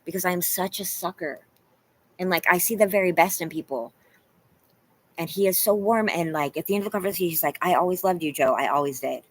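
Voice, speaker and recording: A woman's voice: lowish voice, fairly quick. A woman talking casually and emotionally to her livestream chat, rambling and confessional, full of "you guys" and "like". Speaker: vlogger talking to live chat.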